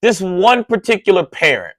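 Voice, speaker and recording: Male radio DJ, animated storyteller, high and very lively delivery, slangy, dry close sound. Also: moderate pace, dry recording. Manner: excitable, swings loud and high when worked up; conversational slang with frequent "right?" asides. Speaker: radio host.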